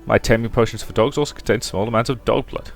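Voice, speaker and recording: A man voicing a wary male alchemist in a put-on American Deep South accent, grumbling and skeptical. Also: steady tone, fast, gravelly, faint music behind, lightly acted.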